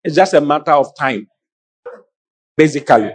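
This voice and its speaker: A middle-aged man preaching a sermon, calling out to the congregation in an animated way. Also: on the high side, moderate pace, noisy background. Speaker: pastor.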